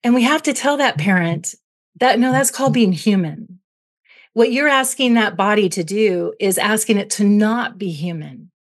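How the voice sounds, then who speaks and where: Woman, psychologist guest, mid-pitched voice, explanatory interview talk, leans on analogies. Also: moderate pace. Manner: teaching through analogies, tags points with "right?".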